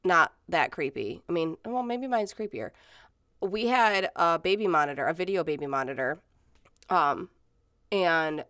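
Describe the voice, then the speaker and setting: A woman's voice: lowish voice, a bit bright, no echo, clean studio sound. A woman in her thirties telling stories in casual chat, rambling with many fillers and swearing freely. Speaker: podcast co-host.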